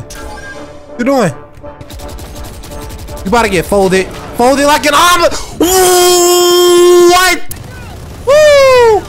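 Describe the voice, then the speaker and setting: An excitable gamer calls out plays while trash-talking opponents. The pitch swings wide and lively. Faint game music and gunfire sit behind the voice. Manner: hyped, whooping, trash-talking. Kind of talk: live gameplay commentary.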